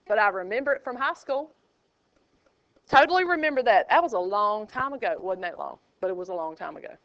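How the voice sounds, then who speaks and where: A woman teaching a high school math class, chatty and joking, quizzing her students as she goes. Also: animated, brisk, fairly bright tone, no room sound, dull audio. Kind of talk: classroom lecture.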